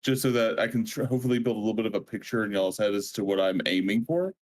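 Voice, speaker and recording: A man's voice: lowish voice, fast talker. A man playing a tabletop game, chatty and laughing as he describes his character. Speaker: player. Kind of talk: casual tabletop game play.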